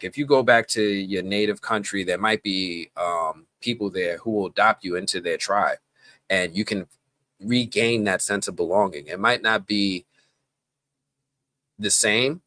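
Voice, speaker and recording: A man's voice: low-pitched, no room sound. A man from the Bronx hosting a live stream, chatting casually and rambling off on tangents. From the Bronx, New York. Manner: animated, rambling, goes off on tangents.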